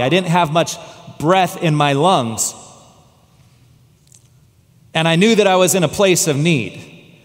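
A high-pitched man delivers a sermon from the pulpit, spinning a personal story with dramatic pauses. His voice slows and drops low for the tense parts. The sound carries the long reverb of a church sanctuary. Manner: dramatic, slowing and dropping low for tense moments. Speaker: guest pastor.

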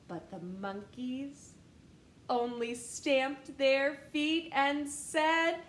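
A woman reading a picture book aloud to children in a playful way, pausing to ask her listeners questions. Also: a little high, reverberant, slight background noise. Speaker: storytime reader.

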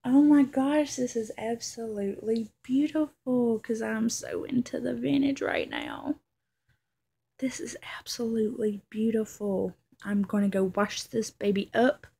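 Gravelly, gushing woman vlogger. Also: fairly high pitch, very animated, slow, warm tone. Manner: gushing, emotional, with many fillers. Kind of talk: casual unboxing vlog.

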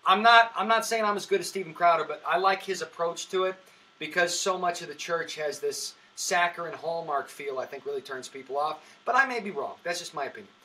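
A male comedian on a podcast, rambling through long stories and often restarting mid-sentence. His voice is bright and sits a little above the average pitch for a man. He sounds somewhat far from the microphone. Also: a little fast. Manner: rambling storytelling with frequent restarts. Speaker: comedian guest. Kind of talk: casual podcast chat.

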